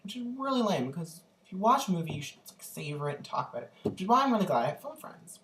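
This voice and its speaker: A young man vlogging casually, telling an animated, gushing story full of ums and likes. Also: sits high, fast, noisy background. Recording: echoey room, distant from the mic.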